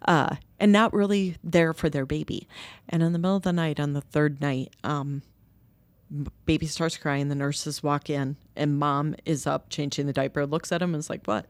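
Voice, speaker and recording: A woman's voice: deep voice, normal speed, no echo. A woman co-founder of a nursery, earnestly telling a story in an interview and animating the voices of people she quotes. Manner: earnest, animated when quoting others.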